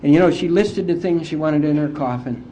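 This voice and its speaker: Mellow-voiced man telling a heartfelt story. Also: a little high, fairly quick, slight background noise. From West Virginia, US. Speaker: AA speaker. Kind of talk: personal recovery story told to a conference. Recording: dull lo-fi conference tape.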